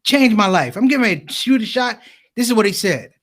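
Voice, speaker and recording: A man's voice: sits high, brisk. A man telling funny personal stories in a stand-up set at a conference, acting out the dialogue with lots of repetition. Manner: animated storytelling, acting out dialogue, repeated phrases. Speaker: comedian.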